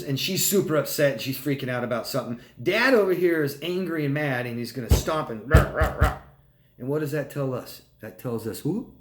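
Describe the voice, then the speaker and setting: Calm male coach in an echoey room. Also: on the high side. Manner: conversational, checks in with "right?" and "okay?"; calm and reassuring when advising. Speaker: life coach. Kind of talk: live Q&A answering viewer questions.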